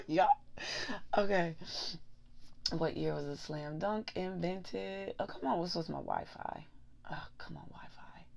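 Gravelly-voiced woman with a Pittsburgh accent. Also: on the low side, very animated, slow pace, long pauses, darkish tone. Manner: rambling, thinks aloud, chuckles often. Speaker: vlogger. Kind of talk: casual talk to camera.

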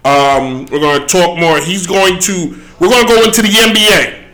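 A man's voice: sits high, moderate pace, sharp tone. A man from the Bronx, hosting a podcast in a laid-back, joking way with streetwise slang. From the Bronx, New York. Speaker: podcast host. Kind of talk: casual podcast chat.

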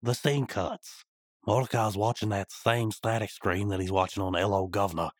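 Co-host, male, lowish husky voice; sarcastic and teasing, dry close mic. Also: steady tone, moderate pace, dry recording. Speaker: podcast co-host. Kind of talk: casual episode recap chat.

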